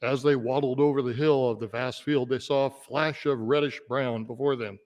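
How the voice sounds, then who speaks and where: A man's voice: mid-range voice, fairly even intonation, moderate pace, a little mellow. A man, a state senator, reading a children's fable aloud in a playful storytelling manner during floor debate. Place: legislative chamber. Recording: long reverb of a large chamber.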